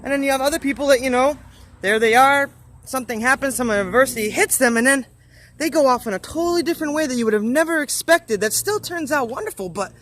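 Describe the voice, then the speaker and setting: A man's voice: very high-pitched, quick pace, a bit bright, slight background noise. A man telling a motivational story on a vlog, rambling and earnest, with lots of fillers along the way. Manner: earnest, encouraging. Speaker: motivational vlogger.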